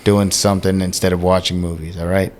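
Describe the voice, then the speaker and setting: A man's voice: deep voice, little pitch movement, fast, darkish tone, slight background noise. A young man co-hosting a podcast, chatting casually, teasing, blunt and swearing. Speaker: podcast co-host. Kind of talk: casual chat.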